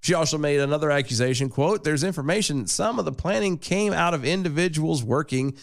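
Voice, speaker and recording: A man's voice: on the high side, a little fast, gravelly. A man hosting a podcast in casual, sarcastic political banter, often quoting and mimicking others. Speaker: podcast host.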